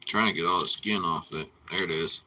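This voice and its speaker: A man's voice: deep voice, brisk, bright, forceful tone, rough recording. A man hosting a casual live cooking stream from his home kitchen, chatting loosely with viewers and swearing freely. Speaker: livestream cooking host.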